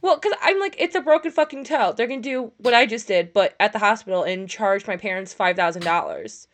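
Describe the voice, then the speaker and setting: A woman's voice: mid-range voice, lively intonation, fairly quick. A young woman from upstate New York, co-hosting a casual podcast over voice chat and telling rambling, profane stories with laughs. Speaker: podcast co-host. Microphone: push-to-talk voice chat.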